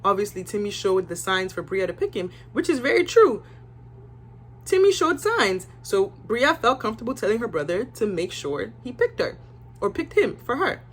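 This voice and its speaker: A woman's voice: mid-range voice, animated, fairly quick. A young woman giving a casual, opinionated recap of a reality show, chatting with her viewers and filling her talk with asides.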